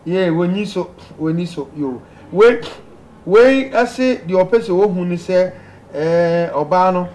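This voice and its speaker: Male call-in host, upbeat, reads messages and laughs; higher voice, light noise behind. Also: slow. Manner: lively, laughing, pleading with callers to speak. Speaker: radio host reading listener messages. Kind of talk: call-in advice show.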